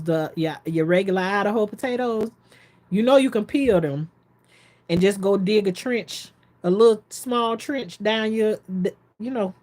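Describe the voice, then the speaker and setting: Excitable, rambling woman telling home stories. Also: mid-range voice. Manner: excitable, rambling, jumps between topics; chatty, folksy, addresses viewers directly. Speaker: vlogger. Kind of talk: casual storytelling to camera.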